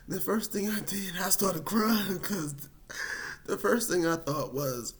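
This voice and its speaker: A man recounting a personal story in a loose, casual way, full of fillers and dramatic emphasis. His voice sits slightly high and swings widely in pitch, which keeps the telling animated. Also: takes it slowly.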